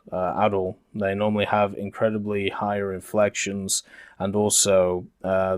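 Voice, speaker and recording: A young Englishman from Yorkshire with a neutralized, softened Yorkshire accent, talking slowly and deliberately with many fillers as a gaming commentator. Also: lowish voice, dry recording, clean studio sound. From Yorkshire, England. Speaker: gaming YouTuber. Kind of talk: commentary over game footage.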